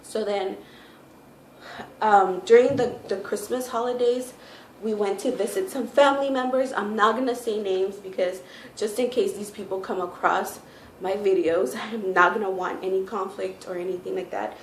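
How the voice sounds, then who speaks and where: A woman's voice: mid-range voice, moderate pace. A heavily pregnant woman chatting casually to her viewers, full of "like" and "you know". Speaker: vlogger. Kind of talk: casual storytime. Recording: echoey room with faint noise.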